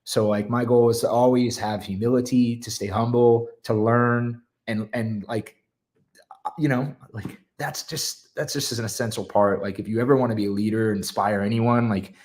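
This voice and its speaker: A man's voice: mid-range voice, steady tone, moderate pace, darkish tone. A man speaking as a podcast guest, earnest and encouraging, with lots of "like" and "you know". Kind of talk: casual podcast chat.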